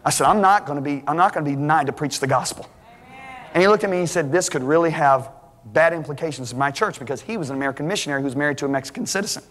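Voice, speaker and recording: A middle-aged man preaching a sermon as a lively story, acting out the dialogue. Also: fairly high pitch, rapid-fire. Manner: animated, acts out dialogue, restarts. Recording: hall reverb.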